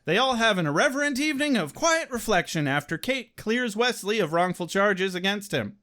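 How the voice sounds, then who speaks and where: A man's voice: high voice, very animated, fairly quick, bright, forceful tone. A man co-hosting a podcast in casual chat, joking and crude. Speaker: podcast co-host.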